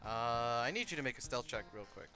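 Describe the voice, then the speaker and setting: A man serving as game master, narrating a tabletop game in a loose, casual way with frequent restarts. His voice is bright and forceful. Faint music sits underneath. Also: medium pitch, very animated, quick pace.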